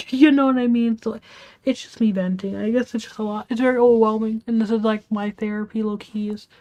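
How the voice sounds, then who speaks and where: A woman streamer venting from home late at night, keeping her voice hushed and half-whispered, swearing and rambling with restarts. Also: a little high, fairly even intonation, fairly quick. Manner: hushed, half-whispered talk to keep quiet. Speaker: live streamer. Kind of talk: venting storytime on a livestream.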